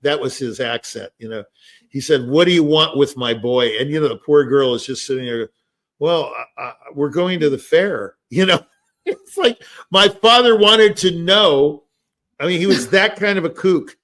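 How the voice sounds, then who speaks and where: A man's voice: on the high side, lively intonation, normal speed, a bit bright. An older man in casual discussion, telling rambling stories with many fillers and restarts. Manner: rambling, anecdotal, many fillers like "you know". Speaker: podcast host.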